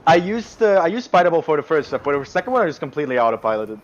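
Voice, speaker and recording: A high-voiced man who swoops all over his range and takes his time with each word, chatting on a call while he speedruns. He giggles a lot and trips over his words as he plays. Other voices murmur over each other in the background of the stream. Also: very animated, racing, muffled recording, a crowd in the background. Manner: giggly, stammers while playing. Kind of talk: casual chat over voice call.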